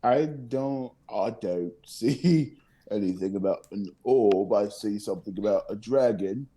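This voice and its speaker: A man's voice: lowish voice, a little slow, dark tone. A man playing in a tabletop game, asking curious questions and laughing easily. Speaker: player. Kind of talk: casual game chat.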